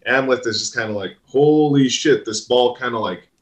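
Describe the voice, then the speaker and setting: A man's voice: mid-range voice, steady tone, a little fast, a bit bright. A man guesting on a podcast, talking loosely about a film, with many fillers. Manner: loose, filler-heavy talk with laughs. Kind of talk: casual film review chat.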